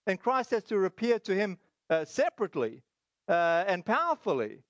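High-voiced pastor preaching casually. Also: male voice, big pitch swings, moderate pace, a bit bright, dry recording, dull audio. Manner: conversational, with frequent fillers and restarts. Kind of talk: sermon.

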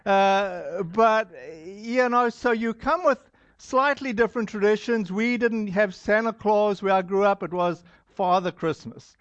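A man's voice: sits high, unhurried, fairly bright tone, dry recording. A man with a non-American accent preaching a sermon to a congregation in a loose, rambling way, full of fillers and restarts. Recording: dull lo-fi sound.

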